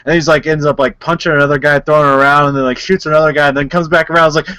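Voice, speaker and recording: A man's voice: on the high side, little pitch movement, very fast, sharp tone, clean tone, no room sound. A man co-hosting a podcast, retelling a movie in casual chat, rambling with lots of filler words and frequent laughs. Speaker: podcast co-host.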